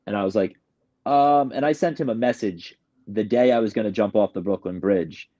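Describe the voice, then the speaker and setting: With a dark voice on the low side and a moderate pace, a New York guest tells his recovery story. He's candid, emotional and rambling, frequently restarting sentences, and the recording has its highs cut off.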